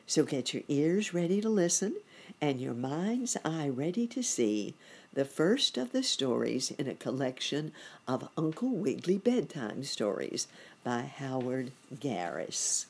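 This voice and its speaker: Slow, husky-voiced woman reading bedtime stories. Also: very deep voice. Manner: gentle, expressive storytelling. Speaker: storyteller. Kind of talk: reading a children's bedtime story.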